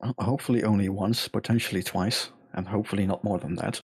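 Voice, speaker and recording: A man's voice: lowish voice, fairly even intonation, quick pace, a little mellow, slightly rough. A man playing a tabletop game, laid-back and matter-of-fact. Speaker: player. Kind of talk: tabletop role-play.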